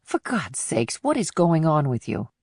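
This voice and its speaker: A woman voicing a blunt, wry female FBI agent in an audiobook, speaking in a low, plain manner. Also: sing-song, measured pace, darkish tone, breathy edge, no room sound, studio quality, exaggerated voice. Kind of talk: audiobook dialogue.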